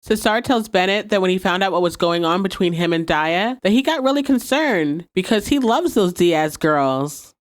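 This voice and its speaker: A woman's voice: on the low side, normal speed, hardly any pauses. A woman hosting a podcast, casually retelling a TV episode scene by scene with playful asides. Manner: animated storytelling with playful asides and laughs. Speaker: podcast host recapping a TV episode. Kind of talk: casual recap, acting out quotes.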